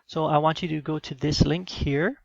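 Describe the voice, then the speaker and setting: Gravelly-voiced man teaching a lesson. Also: on the high side, fairly even intonation, moderate pace, no room sound, highs cut off. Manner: instructional, with fillers. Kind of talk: recorded teaching demo.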